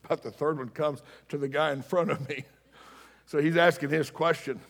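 A man's voice: fairly high pitch, steady tone, normal speed, vocal fry. A man preaching a sermon as pastor, telling stories in a casual, self-deprecating way. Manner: conversational, storytelling, self-deprecating. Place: church sanctuary. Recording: long reverb of a hall.

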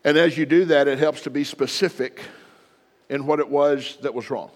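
A man's voice: fairly high pitch, steady tone, moderate pace, in a large hall. A middle-aged male pastor preaching, acting out short example apologies and leading the congregation in practice. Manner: acts out short example apologies in different voices; leads the congregation in spoken practice. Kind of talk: sermon.

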